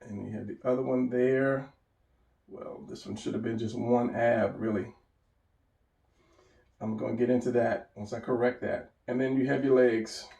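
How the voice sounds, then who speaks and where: A man with a gravelly voice walks through a drawing lesson without a script. He rambles and corrects himself while sketching. The sound is echoey, as if he sits some way from the mic in a bare room. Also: medium pitch, fairly even intonation, moderate pace, long pauses, warm tone, far from the mic. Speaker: drawing instructor. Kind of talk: unscripted drawing tutorial.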